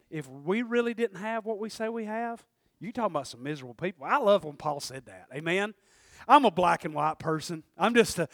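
A man with a high voice preaching a sermon, close and dry with little room sound. He talks loosely and conversationally, laughs often, and acts out the voices of people he quotes. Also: fairly bright tone, dry recording.

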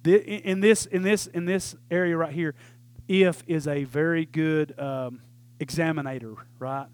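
Male pastor, high-pitched, lively sermon delivery, dry recording. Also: a little slow, dry recording. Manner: animated preaching, swings from loud to hushed, talks to congregation. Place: church.

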